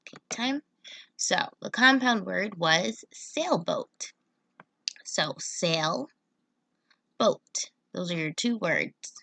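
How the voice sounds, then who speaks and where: A woman's voice: mid-range voice, expressive, takes it slowly, long pauses, pushed and bright, no echo. A young woman teacher giving a patient, step-by-step online phonics lesson to children.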